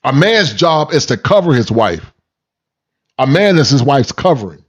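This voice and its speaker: A man's voice: medium pitch, big pitch swings, moderate pace, breathy edge, lo-fi sound. A man hosting a reaction commentary, preachy and repetitive, mocking the people he reacts to. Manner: preachy, repeats words, mocking impressions. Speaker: commentary channel host reacting to clips.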